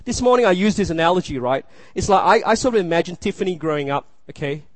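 A man's voice: sits high, expressive, fast, dry recording. Earnest male preacher, dry close sound. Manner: earnest, repeats phrases, asks the room "you see?". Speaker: pastor. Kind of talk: sermon.

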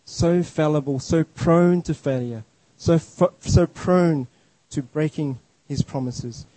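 A man's voice: fairly high pitch, slow, dark tone, no echo, poor audio. A man preaching a sermon in an earnest, emphatic way, often restarting his words.

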